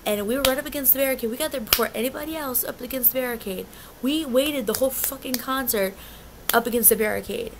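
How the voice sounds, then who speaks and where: A woman's voice: sits high, quick pace, noisy background. A young woman telling a concert story in a casual vlog, agitated and rambling, often restarting and swearing. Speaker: concert fan recounting an experience.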